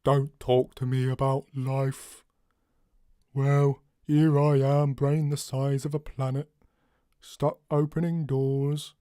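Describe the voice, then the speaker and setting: A man doing a slow, gloomy robot. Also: medium pitch, smooth, no room sound, studio quality, lightly acted. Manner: slow, flat, world-weary. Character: gloomy, weary male robot.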